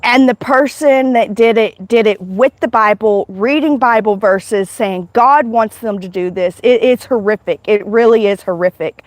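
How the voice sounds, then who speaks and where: Woman, higher voice, dry close mic, rambling heartfelt testimony livestream. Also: moderate pace, hardly any pauses, dry recording. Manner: emotional, rambling storytelling with many restarts. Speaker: livestream host.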